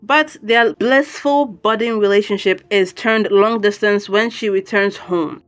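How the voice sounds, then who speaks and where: A woman recording a casual spoken recap at home, chatty and animated, often breaking off with laughs and asides. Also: medium pitch, a little slow, faint music behind. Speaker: video commentator.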